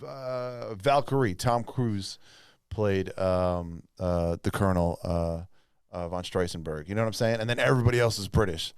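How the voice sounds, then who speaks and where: A podcast host chats casually, rambling with plenty of fillers and restarts. His voice sits low with fairly even intonation and a clear, resonant tone at normal speed, in a dry recording with clean studio sound.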